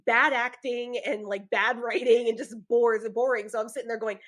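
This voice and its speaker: A young woman co-hosts a podcast, rambling through casual chat packed with filler words. Her voice sits a little high with fairly even intonation, a normal pace, and a fairly bright tone.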